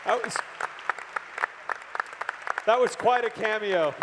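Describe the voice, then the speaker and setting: Male panel host, high-ish, upbeat, long hall reverb, audience murmur. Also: slow, very noisy. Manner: upbeat, prompting. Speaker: panel moderator. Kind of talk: live panel hosting. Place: large convention hall with audience. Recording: echoey convention hall with crowd.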